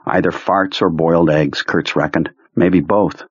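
Low, husky male audiobook narrator. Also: fairly even intonation, a little slow, no room sound, dull audio. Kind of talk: scripted narration.

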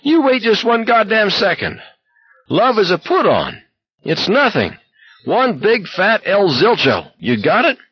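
A male reader voicing a bitter young man who croaks and blares crude rants in a shrill voice. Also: wildly swooping pitch, unhurried, no room sound, muffled recording, heavily acted. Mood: shrill ranting. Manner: harsh, blaring, crude.

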